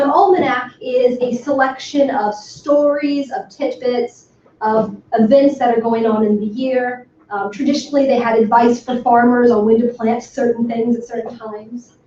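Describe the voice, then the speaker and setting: A woman giving an academic talk to a workshop audience, speaking with enthusiasm and emphasis and filling pauses with frequent ums. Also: fairly high pitch, dark tone. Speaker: lecturer. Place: lecture room. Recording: far from the mic in an echoey room, dull and slightly noisy.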